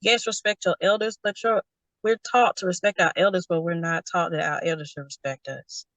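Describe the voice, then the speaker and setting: A young adult woman, a guest talking casually and telling animated stories, often acting out what others said. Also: fairly low pitch, fairly quick, no echo. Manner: animated storytelling, quotes others in character. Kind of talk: casual conversation.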